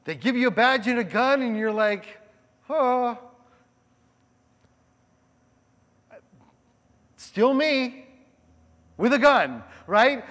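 High-voiced pastor preaching in a reverberant hall. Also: male voice. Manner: conversational, animated, often asks "right?". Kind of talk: sermon.

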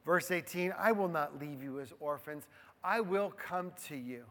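Man, preacher, sermon, high voice, hushed asides and emphatic stresses, long hall echo. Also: a little slow. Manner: conversational, addresses the men in the room.

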